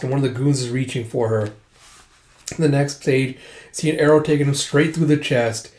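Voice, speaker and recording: A man's voice: mid-range voice, fairly even intonation, moderate pace, a little mellow, reverberant. A man casually retelling a comic chapter, loose and full of fillers. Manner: loose, filler-heavy storytelling. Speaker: comic reader.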